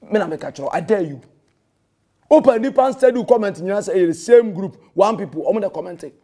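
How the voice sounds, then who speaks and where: Scolding a rival in a heated rebuttal, this Ghanaian pastor slips English phrases into his confrontational speech. His voice sits high and sounds expressive and mellow, moving at a quick pace.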